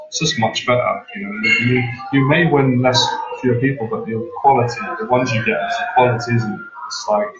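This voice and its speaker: A man's voice: medium pitch, steady tone, a little fast, few pauses, highs cut off, over loud music. Rambling man in an echoey room. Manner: rambling, repeats himself, stumbles often. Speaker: dating coach. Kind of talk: casual advice chat.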